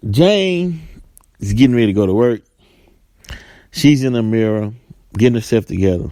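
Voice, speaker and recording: A man's voice: mid-range voice, expressive, moderate pace, mellow, no room sound. A man hosting a talk radio show, rambling through his points and often tagging them with "right?". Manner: rambling, keeps asking "right?".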